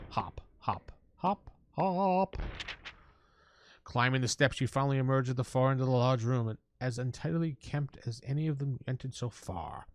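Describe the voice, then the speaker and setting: A man's voice: mid-range voice, no echo. A man hosting a let's play, reading the game text aloud with playful, jokey asides. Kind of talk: casual gameplay commentary reading the text aloud.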